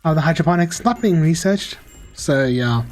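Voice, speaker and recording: A man's voice: fairly high pitch, lively intonation, moderate pace, darkish tone. A young man casually commenting on a game he plays and chatting with viewers, easygoing and self-mocking. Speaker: gaming streamer. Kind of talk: casual Let's Play commentary reading chat. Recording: faint music behind voice.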